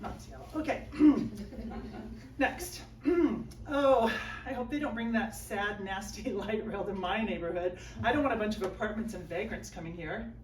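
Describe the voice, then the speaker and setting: A woman's voice: mid-range voice, a little slow, a crowd in the background. A woman performing a self-mocking stand-up set at a small live comedy show, acting out her own whiny inner voice. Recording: roomy live room, mic a bit distant, faint background noise. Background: audience laughter.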